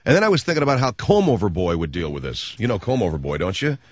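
A man's voice: lowish voice, wildly swooping pitch, fast talker, no room sound, lo-fi sound. A man hosting a comedic talk radio show, rambling through a wry monologue.

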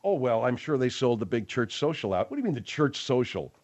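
A man's voice: mid-range voice, very animated, brisk, darkish tone. A man hosting a late-night radio talk show, telling rambling, slangy stories. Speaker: radio host.

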